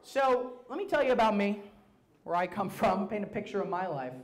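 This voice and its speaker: A young man doing a stand-up routine, telling profane stories in a brash, animated way on a club stage. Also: high voice, brisk. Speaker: stand-up comedian. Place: comedy club stage before a live audience.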